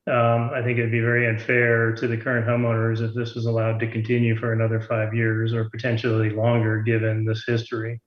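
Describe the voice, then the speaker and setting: Measured man in a flat, roomy call. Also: medium pitch. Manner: measured, reads prepared points with some hesitations. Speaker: homeowner commenter. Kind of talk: public comment at a city meeting. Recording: dull, roomy remote call audio.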